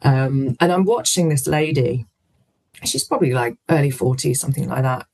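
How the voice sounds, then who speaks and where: Businesswoman telling a lively story. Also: extremely low pitch, normal speed, vocal fry, slightly rough, low-quality recording. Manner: lively anecdotal storytelling, acts out quoted voices. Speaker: guest, businesswoman and author. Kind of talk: storytelling in an interview.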